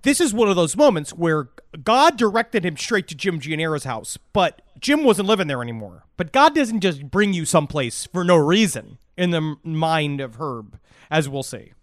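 A man's voice: fairly high pitch, big pitch swings, moderate pace, no room sound, clean studio sound. A man co-hosting a true crime podcast, rambling and profane with frequent restarts. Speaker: podcast co-host.

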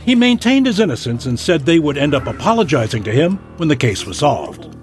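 Lively true-crime news narrator. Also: male voice, on the high side, faint music behind. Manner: dramatic, measured delivery.

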